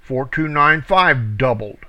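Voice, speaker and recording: A man teaching from scripture, reading each verse slowly and deliberately, calling out reference numbers and stressing key words. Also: medium pitch, expressive, sharp tone, rough recording. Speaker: Bible teacher. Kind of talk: scripture reading with word study.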